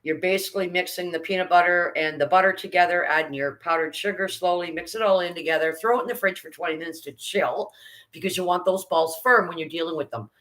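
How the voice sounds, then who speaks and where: A woman's voice: fairly low pitch, quick pace, fairly bright tone, rough recording. A middle-aged woman hosting a casual live baking stream, chatting, greeting viewers by name and reading out their comments.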